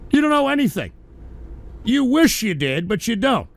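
A man hosting a live-streamed radio show, ranting angrily at his chat in an aggressive, profane, yelling manner. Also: very high voice, big pitch swings, normal speed, creaky. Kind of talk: angry ranting monologue at chat.

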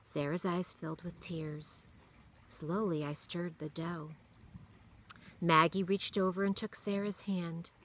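A woman reading a children's novel aloud in a steady, expressive way. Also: on the low side, slow, a little hiss or hum, rough recording. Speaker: reader.

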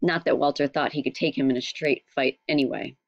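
A woman narrating an audiobook in a measured storytelling manner. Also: extremely low pitch, fairly even intonation, no echo, highs cut off.

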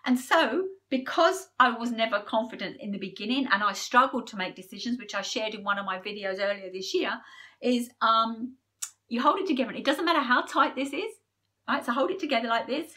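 A woman giving a personal numerology forecast to camera, talking earnestly and openly emotional, with pauses. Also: fairly high pitch, sharp tone. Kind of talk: personal spiritual talk to camera.

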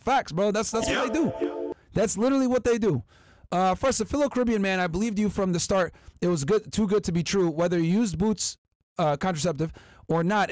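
A man's voice: high voice, darkish tone, dry recording, clean studio sound. A man hosting a podcast, reading out viewer chats and answering them in an emphatic, combative, profane way. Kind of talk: casual podcast chat.

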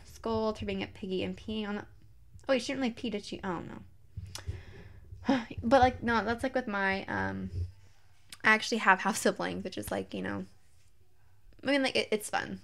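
A woman's voice: medium pitch, moderate pace, creaky, long pauses, a bit bright. A young woman chatting casually over her life-sim gameplay, bubbly and talkative, filling her sentences with "like". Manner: chatty and bubbly, heavy use of "like". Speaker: let's play creator.

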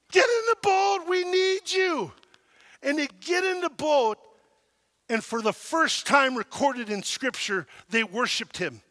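An older man pastor in his sixties delivers a sermon in a strikingly high, ringing voice. He tells stories with lively energy and rises to shouts at the peaks. The sound carries a long reverb of a large church sanctuary. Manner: animated storytelling, shouting at peaks.

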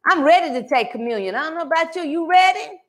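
A woman with a high voice preaches a sermon in a church. She swings between loud calls and quiet asides, pulling the congregation into call-and-response. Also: lively intonation, fast talker, noisy background. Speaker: pastor. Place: church sanctuary.

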